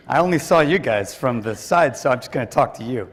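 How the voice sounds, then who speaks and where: A man's voice: mid-range voice, lively intonation, fairly quick, husky. A man giving a joking, conversational and self-deprecating conference talk to a large audience in a hall. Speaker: conference speaker. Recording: echoey hall with long reverb.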